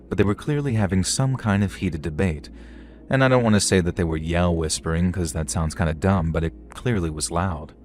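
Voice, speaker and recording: A man reading horror stories aloud in a steady, even storytelling manner. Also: sits low. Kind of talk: scripted horror story narration.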